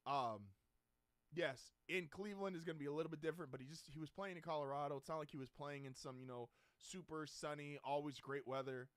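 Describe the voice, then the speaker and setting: A man's voice: on the high side, fast, fairly bright tone, no room sound. A man hosting a live draft watch-along, talking casually and ranting in exasperation. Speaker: podcast host.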